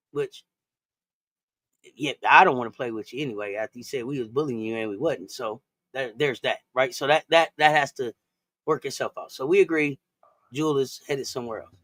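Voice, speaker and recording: A man hosting a casual basketball talk show, hyping his audience with shout-outs and easy banter. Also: medium pitch, a little fast. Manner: animated, hype shout-outs to viewers. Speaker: show host.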